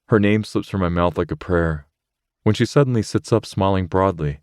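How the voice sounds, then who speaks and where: Deep voiced guy reading a romance audiobook first person, tense and emotional, super dry studio mic. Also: normal speed, darkish tone, dry recording. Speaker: audiobook narrator.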